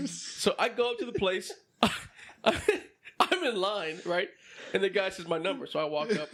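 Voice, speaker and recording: High-voiced young man telling stories. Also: moderate pace. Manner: laid-back, swears freely, animated storyteller. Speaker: podcast co-host. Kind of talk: casual chat with friends.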